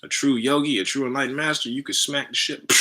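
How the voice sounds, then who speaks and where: A man's voice: mid-range voice, steady tone, fairly quick, pushed and bright. A man and spiritual teacher telling a story in loose, slangy casual talk, full of "you know" and "right?".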